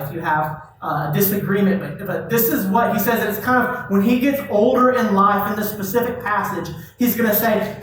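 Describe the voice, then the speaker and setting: A man's voice: sits high, fairly bright tone, slight background noise. A man, a youth pastor, giving a casual, conversational sermon and putting direct questions to his listeners. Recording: very echoey hall, distant mic.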